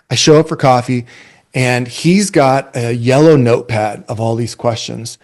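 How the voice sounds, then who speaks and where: A man in his forties speaks in an easy, conversational webinar talk to coaches. He tells stories with energy, now and then acting out the people in them. His pitch sits in an ordinary middle range for a man. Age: 40s. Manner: energetic, conversational, retells stories with animated quoted voices. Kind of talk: casual storytelling talk to coaches.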